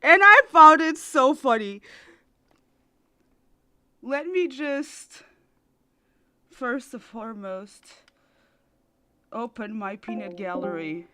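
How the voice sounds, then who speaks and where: A woman streaming live, chatting casually with viewers in an excitable way, repeating words and laughing often. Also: fairly high pitch, takes it slowly, pauses often, a little hiss or hum. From Australia.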